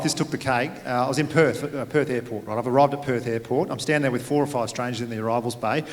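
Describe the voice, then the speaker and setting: A man with an Australian accent doing a stand-up comedy set on stage, telling stories with deadpan asides. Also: medium pitch, fast, few pauses. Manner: laid-back storytelling with deadpan asides. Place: theatre stage at a comedy gala. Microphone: stage microphone. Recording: live hall with long reverb. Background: audience laughter.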